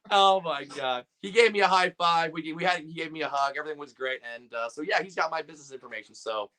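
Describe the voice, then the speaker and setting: Male guest, voice actor; bright tone, animated storyteller. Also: fairly high pitch, fast talker, hardly any pauses. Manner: animated, acts out quotes in voices. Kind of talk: casual storytelling chat.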